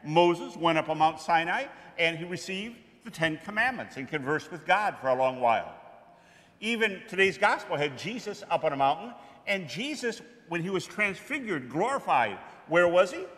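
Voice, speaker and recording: High-voiced priest preaching in an echoey church. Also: male voice, big pitch swings, normal speed, fairly bright tone. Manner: explains plainly and puts questions to the congregation. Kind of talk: sermon.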